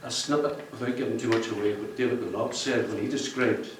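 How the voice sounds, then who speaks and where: A man's voice: medium pitch, steady tone, a little fast, noisy background. Man speaking in an echoey room. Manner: jokey, rambling, laughs at his own jokes. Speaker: book cover artist speaking at a launch. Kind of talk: public speech to an audience. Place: function room with an audience. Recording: echoey room, distant mic.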